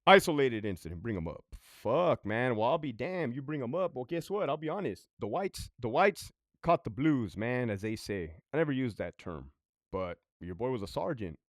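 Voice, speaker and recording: A blunt, profane man spins a story from his years as a prison sergeant. His pitch swings widely up and down as he talks. The sound is close and dry. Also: sing-song, normal speed, dry recording. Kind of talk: casual storytime monologue.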